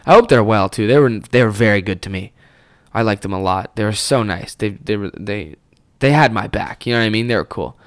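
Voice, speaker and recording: A man's voice: lowish voice, brisk. A man in his twenties telling rambling anecdotes on a podcast, swearing freely and full of fillers. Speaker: podcast host. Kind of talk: casual storytelling.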